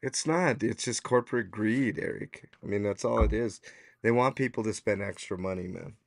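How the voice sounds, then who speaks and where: A man with a low, gravelly voice hosts a casual podcast stream, audibly hoarse as if his voice is going. He rambles loosely, leaning on fillers. The sound is dry and close, with no room around it. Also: normal speed, no echo. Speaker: podcast host. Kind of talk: casual livestream chat.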